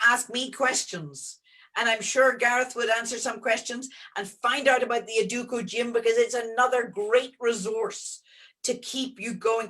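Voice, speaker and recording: A middle-aged woman speaking as an interview guest, earnest and expansive, often pausing and restarting her sentences. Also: fairly high pitch, fairly bright tone. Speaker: guest, entrepreneur and geologist. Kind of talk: conversational interview answers.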